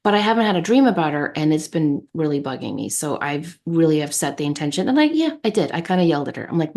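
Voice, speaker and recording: A woman co-hosting a podcast, telling a personal story in a casual, animated, anecdotal way. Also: sits low, fast. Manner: animated, anecdotal, warm laughter. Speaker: podcast co-host.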